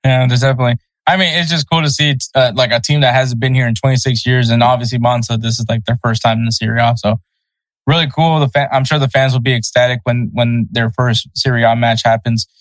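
A man's voice: medium pitch, steady tone, fast talker, no echo, low-quality recording. Laid-back male soccer podcast co-host. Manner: laid-back, chuckles over name pronunciations. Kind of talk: casual soccer podcast chat.

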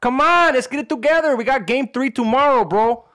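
A man voicing a hot-tempered, foul-mouthed baseball coach with a Mexican-American English accent, yelling and cursing at his players. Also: very high voice, brisk, voice pushed up. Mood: angry scolding. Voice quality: loud, cursing, scolding.

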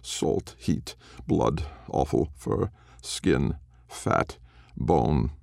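A man's voice: lowish voice, animated, drawn-out words, mellow, slightly rough, no echo, studio quality, pitched above the performer's own voice, full character voice. A man voicing a wounded, starving male wolf who speaks in strained, blunt bursts. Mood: hungry.

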